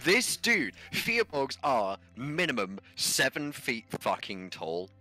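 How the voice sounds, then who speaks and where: A man's voice: medium pitch, wildly swooping pitch, takes it slowly, sharp tone, faint music behind. A man playing a tabletop game on a stream, brash and swearing as he jokes with the table. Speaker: player. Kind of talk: casual tabletop game chat.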